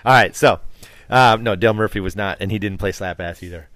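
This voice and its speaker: Deep-voiced rambling middle-aged man. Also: fairly quick, a bit bright, dry recording, studio quality. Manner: rambling, teasing, restarts a lot. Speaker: podcast host. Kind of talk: casual chat.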